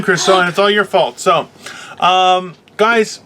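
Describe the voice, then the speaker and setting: A man hosting a comedy podcast, talking in a loose, rambling rant with plenty of ums and false starts. His voice sits a little high and rings bright and forward. He slips easily into playful teasing. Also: a little slow, a little hiss or hum. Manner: rambling, filler-heavy storytelling. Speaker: podcast host.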